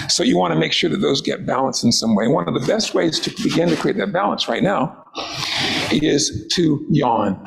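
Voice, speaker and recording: Male workshop presenter with a gravelly, slightly high voice; calm, inviting coaching tone. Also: slight background noise, poor audio. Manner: calm, inviting, coaching listeners through exercises. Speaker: wellness presenter.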